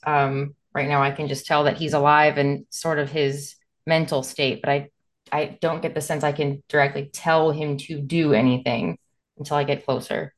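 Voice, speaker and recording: A woman playing a tabletop game, thinking aloud with fillers and restarts. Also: low voice. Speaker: player.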